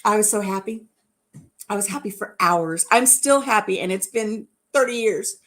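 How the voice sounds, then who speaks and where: A woman in her fifties hosting a live chat and telling stories in a warm, chatty way, laughing at herself. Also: mid-range voice, normal speed. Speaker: host.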